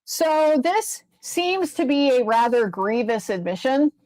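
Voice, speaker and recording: High-voiced exasperated woman commentator. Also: sing-song, slow pace, a little mellow, dry recording, rough recording. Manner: exasperated, profane, rambling. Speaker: lawyer commentator. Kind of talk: casual commentary.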